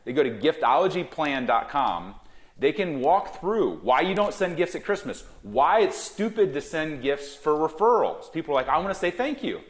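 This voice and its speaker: An emphatic middle-aged man speaks in a business interview with a lively, swinging pitch. He punches his key words and slips into quick acted-out quotes. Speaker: guest, gifting company founder. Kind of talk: animated business interview talk.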